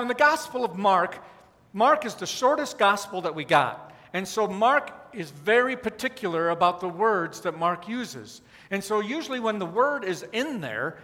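A man preaching a sermon in a conversational way, with wry asides and dramatic pauses, in what sounds like a church sanctuary. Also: high voice, pushed and bright, big-room sound. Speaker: pastor.

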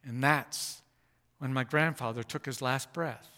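A man preaching a sermon, swinging from hushed, slow lines to loud, emphatic ones. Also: mid-range voice. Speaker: pastor. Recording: long hall reverb.

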